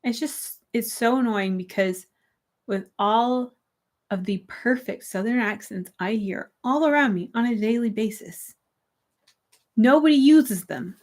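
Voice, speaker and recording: A slightly hoarse young woman casually chatting on a livestream, reading viewer comments aloud and answering them from her room. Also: a little high, a little slow, darkish tone. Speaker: livestream host. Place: her room with string lights.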